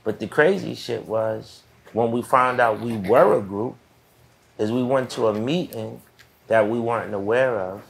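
Gravelly low-voiced man in his fifties. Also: unhurried, a little hiss or hum. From United States (Boston area). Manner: laid-back, reflective, trailing phrases. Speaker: guest. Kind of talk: casual storytelling.

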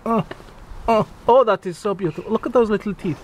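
A man's voice: a little high, moderate pace, natural voice. A man playing a vain, childish self-styled demon who coos in broken English at a small animal, outdoors in a garden. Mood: doting. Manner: broken English, cooing baby talk to an animal. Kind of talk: comic character monologue.

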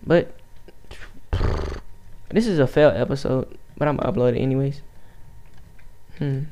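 A man's voice: a little high, fairly quick, long pauses, darkish tone, clean tone. A man giving casual, rambling gameplay commentary on his home mic, stuttering and restarting his sentences. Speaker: YouTube gamer.

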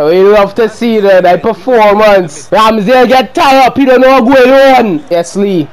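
A young man giving heated, profane commentary while playing a football video game, often shouting at his players. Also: high-pitched, normal speed, few pauses, crowd noise, low-quality recording. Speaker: gaming video creator.

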